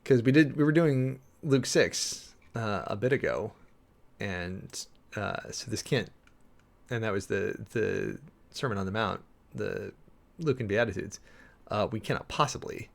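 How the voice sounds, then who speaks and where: A man's voice: fairly low pitch, unhurried, gravelly. A man preparing a sermon, reading scripture aloud and thinking it through in a rambling, self-interrupting way. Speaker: preacher.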